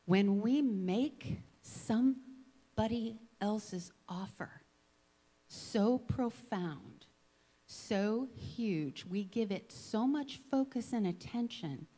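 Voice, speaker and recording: A woman speaking as a guest at a Sunday service in a conversational sermon, a lively storyteller who acts out examples and keeps asking "right?". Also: medium pitch. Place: spiritual center Sunday service.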